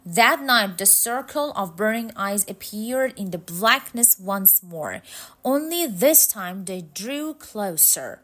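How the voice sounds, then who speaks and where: A woman narrating a storybook tale in a slow, measured, suspenseful way. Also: mid-range voice, lively intonation, a bit bright.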